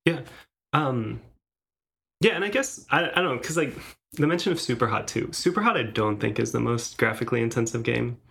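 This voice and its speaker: A man co-hosting a podcast, talking casually and hesitantly with many pauses. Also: mid-range voice, animated, creaky, fairly bright tone, slightly rough. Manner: hesitant, many fillers and restarts. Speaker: podcast co-host. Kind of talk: casual tech chat.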